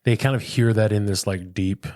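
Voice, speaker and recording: A man's voice: fairly low pitch, fairly even intonation, normal speed, darkish tone, dry recording, clean studio sound. A man in his thirties, a pastor, talking earnestly and reflectively in a casual interview, often saying "man" and "dude". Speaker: pastor, podcast guest.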